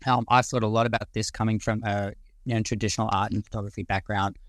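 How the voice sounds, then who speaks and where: A man's voice: lowish voice, flat delivery, quick pace, no room sound. A man in his forties with an Australian accent, a guest speaker in a casual live audio discussion, ranting passionately and rambling with some casual swearing.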